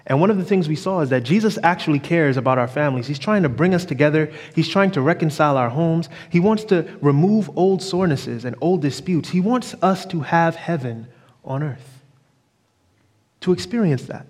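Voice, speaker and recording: A man with a fairly high voice preaches a sermon and tells a story from the pulpit. He stretches key phrases slowly and checks in with the congregation. His voice rings with long reverb in a church hall. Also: lively intonation, a little mellow. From New York. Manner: call-and-response preaching, drawn-out emphatic phrases. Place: church sanctuary.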